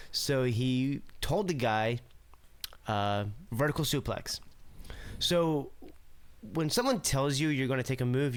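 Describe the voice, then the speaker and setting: A man on a podcast who tells a wrestling story in a relaxed way and explains it step by step. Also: medium pitch, smooth. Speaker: podcast guest. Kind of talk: casual chat.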